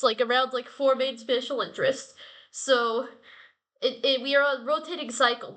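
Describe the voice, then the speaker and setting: A woman's voice: high-pitched, bright, forceful tone. A woman hosting her own daily talk vlog, chatting casually and playfully and rambling from one thing to the next. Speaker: host of a daily talk show. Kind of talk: casual solo vlog chat.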